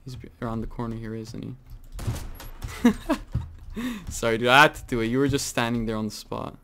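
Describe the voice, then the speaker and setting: A man giving casual, rambling commentary over his own gameplay, full of fillers and sudden excited outbursts. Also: mid-range voice, moderate pace, a little hiss or hum. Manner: chatty, rambling with many fillers, bursts into excited exclaims. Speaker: gaming channel host.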